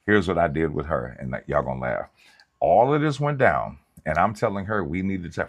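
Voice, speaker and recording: A male pastor preaching through comic, conversational storytelling in a colloquial, animated way. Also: a bass voice, normal speed.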